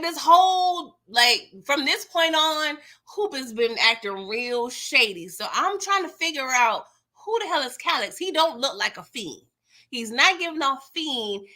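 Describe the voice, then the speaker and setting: A woman's voice: high voice, expressive, measured pace, pushed and bright. A young adult woman hosting a live TV recap stream, chatting casually and expressively with slang and frequent laughter while she reads out viewer comments.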